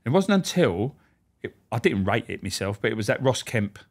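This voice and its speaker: A man's voice: on the low side, normal speed, husky. A man, a former prison officer telling candid, swearing stories and acting out the voices of people he quotes. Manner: animated, acts out quoted voices.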